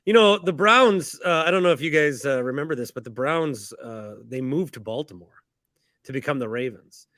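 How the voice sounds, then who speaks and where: A man with a bright, forceful voice cracks deadpan jokes while he hosts a podcast about sports picks. The sound is dry and close, with no room around it. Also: mid-range voice, normal speed, dry recording. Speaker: podcast host. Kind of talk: casual sports-picks banter.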